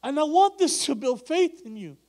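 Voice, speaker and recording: A man's voice: very high voice, moderate pace. A man preaching a sermon, telling a story with acted-out dialogue and frequent laughter. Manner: animated, acts out dialogue, laughs often.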